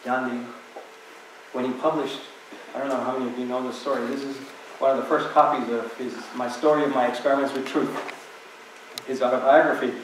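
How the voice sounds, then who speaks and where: A man's voice: mid-range voice, flat delivery, brisk, long pauses, background noise. A man giving an inspirational talk to an audience, telling stories in a conversational way with many asides. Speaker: guest speaker. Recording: very echoey hall, distant mic.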